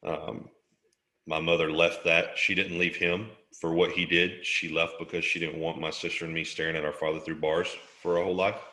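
A man's voice: deep voice, level tone, moderate pace, bright, forceful tone, reverberant. A middle-aged man from Alabama, an interview guest telling a story in a casual, jokey way and laughing often.

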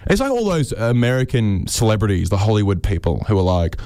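A man's voice: lowish voice, big pitch swings, brisk, hardly any pauses, darkish tone, no room sound. A young man hosting a comedy podcast, telling rambling, sarcastic stories and swearing freely.

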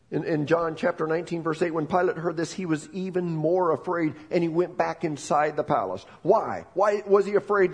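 Husky-voiced man preaching a dramatic sermon. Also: fairly high pitch. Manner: dramatic storytelling, acting out quoted voices. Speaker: pastor.

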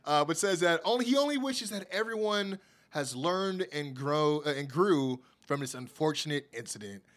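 A man's voice: fairly high pitch, expressive, moderate pace, fairly bright tone. A man hosting a podcast, chattily recapping wrestling shows with lots of fillers and laughs at his own jokes. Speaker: podcast host. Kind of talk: casual wrestling show recap.

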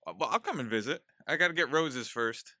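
A man's voice: medium pitch, expressive, fairly quick, pushed and bright, dry recording, studio quality. A man co-hosting a sports podcast, teasing his partner in a joking way. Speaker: podcast co-host. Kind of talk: casual sports podcast chat.

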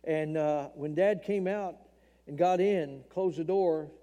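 A man's voice: a little high, slow, dark tone. An older man from Tennessee, earnestly and emotionally telling a personal testimony in a church talk. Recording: long hall reverb.

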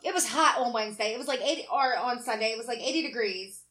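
A woman telling a story in casual chat, animated and profane, acting out what people said. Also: a little high, fast talker. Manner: animated, profane storyteller who acts out quotes. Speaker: podcast co-host.

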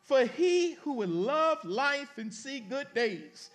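Slow but very animated, a pastor whose voice is strikingly high reads scripture aloud and then addresses his congregation directly in casual, everyday terms. Now and then his preaching surges dramatically into a shout.

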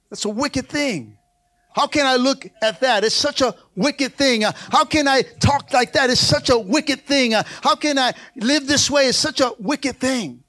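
High-voiced preaching man. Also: moderate pace, pushed and bright. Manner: emphatic, call-and-response preaching with frequent amens. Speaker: pastor. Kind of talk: sermon.

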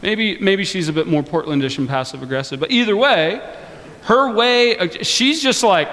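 A man with a high voice preaches a sermon in a big hall that rings with reverb. He talks loosely and with humor, like a chat with the congregation. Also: normal speed, slight background noise. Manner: conversational and joking, animated. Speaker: pastor. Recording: long reverb of a large hall.

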